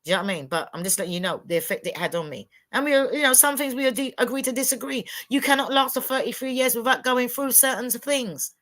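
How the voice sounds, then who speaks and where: A woman's voice: on the high side, fast, hardly any pauses, fairly bright tone. A woman, telling blunt, emphatic stories as a guest on a livestream panel. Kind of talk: candid livestream chat.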